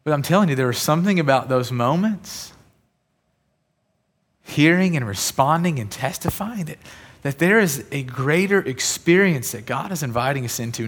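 Man, slightly higher voice, pastor, conversational sermon, personal stories, emphatic preaching.

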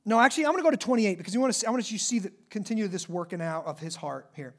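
A preacher giving a sermon in church, animated and emphatic, rising and dropping in pitch and loudness to stress points. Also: racing.

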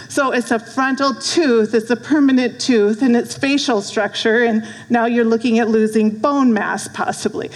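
A middle-aged woman, a guest speaker, preaching a sermon and telling an earnest story with asides to the room. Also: fairly high pitch. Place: church hall. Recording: long hall reverb.

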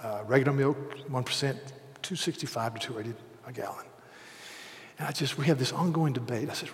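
A man in his sixties preaching a sermon, telling a self-deprecating story, dropping to hushed asides and rising to loud, emphatic peaks. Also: medium pitch, a little fast, a little hiss or hum. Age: 60s. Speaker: pastor. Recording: long hall reverb.

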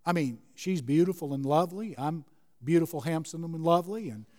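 High-voiced preacher in a reverberant hall. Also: male voice, a little fast, warm tone. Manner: earnest, explains scripture verse by verse. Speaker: pastor. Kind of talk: sermon.

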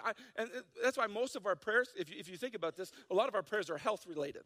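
Pastor, male, from South Dakota; high voice, playful sermon delivery with long church reverb. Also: fast, few pauses. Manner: animated, joking, acts out listeners' voices.

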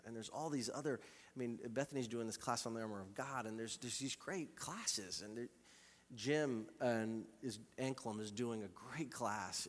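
A man preaching a sermon as a pastor, swinging from loud, urgent calls to quiet, intimate passages and repeating phrases for emphasis. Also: on the low side. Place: church sanctuary. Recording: live church recording with long hall reverb.

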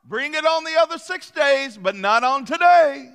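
A male pastor playing a pompous, passive-aggressive synagogue leader in a sermon, with a much higher, haughty voice. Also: expressive, moderate pace, vocal fry, fairly bright tone, exaggerated voice. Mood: indignant. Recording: long hall reverb.

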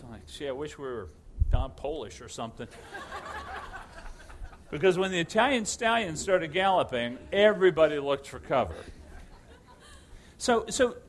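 A middle-aged male pastor preaching a sermon, telling stories with lively restarts and repeated words. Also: sits high, slight background noise. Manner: animated storytelling with repeated restarts.

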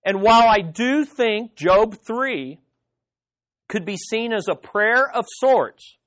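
Taking it slowly, a teacher with a medium-pitched, somewhat bright voice and lively intonation leads an emphatic Bible study for a live group. The teacher often puts questions straight to the listeners and repeats words to press a point.

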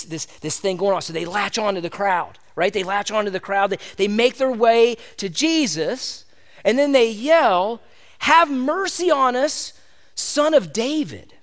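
A man preaching a sermon in a casual, animated way, calling his listeners "gang". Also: sits high. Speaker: pastor.

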